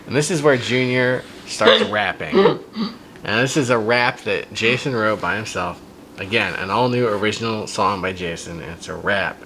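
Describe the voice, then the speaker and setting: A man's voice: on the low side, moderate pace, a little hiss or hum, poor audio. Amused man reading a silly story aloud. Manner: amused, reads dialogue in a flat deadpan with asides. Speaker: podcast host reading a fan story. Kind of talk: comedic story reading with commentary.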